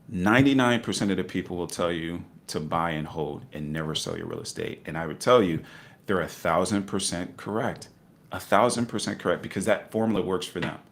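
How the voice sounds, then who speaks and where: A man talking about investing as a podcast guest, emphatic and animated, repeating his key points. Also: sits low. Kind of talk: casual podcast conversation.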